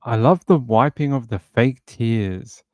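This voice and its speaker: A man's voice: medium pitch, unhurried, no echo, clean studio sound. A man hosting a true crime stream, mocking a news clip with sarcastic rhetorical questions. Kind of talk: live commentary on a news clip.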